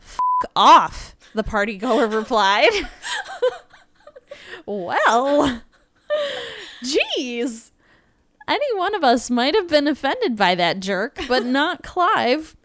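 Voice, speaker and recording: A woman's voice: high voice, very animated, takes it slowly, background noise. A woman co-hosting a podcast, reading a prepared script and breaking off now and then with laughing asides. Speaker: podcast co-host.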